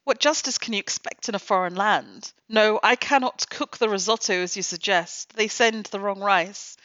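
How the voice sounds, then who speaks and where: Woman reading out an excitable cook lady, big dramatic complaints, broken english, dull dry sound. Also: mid-range voice, normal speed, no echo, lightly acted. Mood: indignant. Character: excitable fussy middle-aged female cook.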